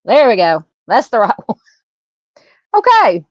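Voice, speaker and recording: A woman's voice: mid-range voice, expressive, fairly quick, darkish tone, dry recording, lo-fi sound. A woman hosting a true crime livestream, chatting with viewers by name and laughing at her own fumbles before reading a case. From Southern United States.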